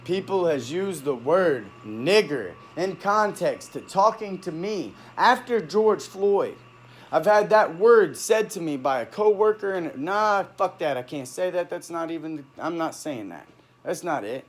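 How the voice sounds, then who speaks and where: A man telling his own story into a phone in a halting, heated monologue, full of restarts and trailing off. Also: a little high, animated. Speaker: vlogger recounting a personal dispute. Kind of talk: unscripted personal monologue.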